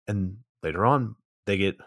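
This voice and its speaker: A man's voice: lowish voice, moderate pace, a bit bright, no room sound, clean studio sound. A man co-hosting a podcast, casually recapping a film plot, swearing freely and laughing mid-sentence. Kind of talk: casual movie recap chat.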